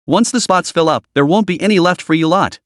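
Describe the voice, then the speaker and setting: Cast: stern bragging old sect elder read by a man, scolding, slightly high voice, dry booth sound. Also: fairly quick, no echo, close to an everyday voice. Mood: hushed. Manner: scolding, conspiratorial.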